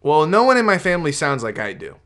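A man's voice: fairly high pitch, big pitch swings, fast talker, a bit bright. A man co-hosting a podcast, chatting casually in a rambling way that doubles back on itself, with some swearing. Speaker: podcast co-host. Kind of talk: casual chat.

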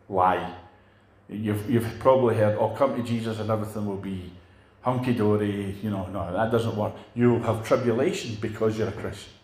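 An older man preaches in a chatty, plain-spoken way, often asking his congregation questions. His voice sits at an ordinary pitch for a man. It rings around an echoey church room. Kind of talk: sermon.

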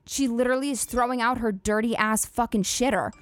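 Hosting her own comedy podcast alone, a woman rambles, swears without restraint and peppers her talk with "like." Her voice is fairly high and she speaks a little fast.

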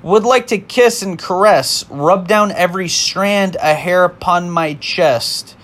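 A man putting on a mock Jamaican accent as a smooth-talking male lover, reciting song lyrics in a sing-song way. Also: high voice, takes it slowly, a bit bright, pitched above the performer's own voice. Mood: playful.

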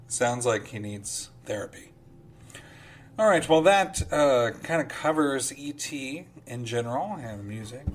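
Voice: medium pitch, very animated, unhurried, a little mellow, faint music behind. A podcast host reading film reviews aloud in a casual way, with sarcastic asides between the quotes and a slide into a pompous reading voice.

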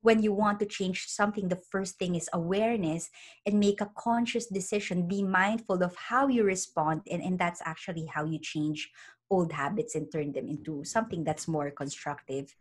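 A woman's voice: lowish voice, normal speed. A middle-aged woman, a psychologist and guest, earnestly explains ideas in a casual interview, often restarting with "you know".

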